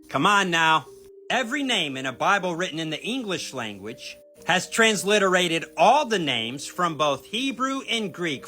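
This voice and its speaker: A video teacher on Bible topics explains a point to his viewers in an emphatic, argumentative style, addressing them directly. His voice is a little high with a sharp tone, in an explanatory commentary video.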